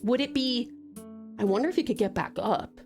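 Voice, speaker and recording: A young woman from Tasmania, Australia, chats bubbly on a live stream, calling viewers pet names and laughing often. Her Australian accent has American traces, and her slightly high voice moves at a moderate pace with a darkish tone. Faint music plays behind her.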